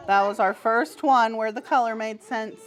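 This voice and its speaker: A woman teaching preschoolers in a classroom, encouraging them with frequent praise and gentle teasing. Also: fairly high pitch, moderate pace. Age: adult. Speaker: pre-K teacher. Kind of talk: classroom instruction to small children.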